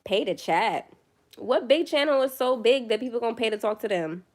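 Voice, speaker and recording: A woman's voice: on the high side, lively intonation, normal speed. Tired young woman rambling on a livestream. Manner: rambling, chatty, self-deprecating. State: exhausted, late at night. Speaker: YouTuber on her first livestream. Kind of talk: casual livestream chat. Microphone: phone.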